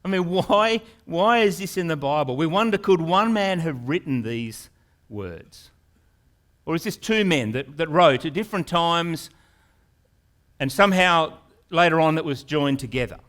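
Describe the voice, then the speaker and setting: A male pastor preaching a sermon in an earnest manner, repeating words and rising into loud, pleading questions. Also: on the high side, lively intonation, unhurried.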